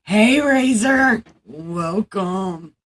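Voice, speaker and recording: A woman reading the Bible aloud on a casual livestream, halting over the text and breaking off into chatty, salty asides. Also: mid-range voice, animated, low-quality recording.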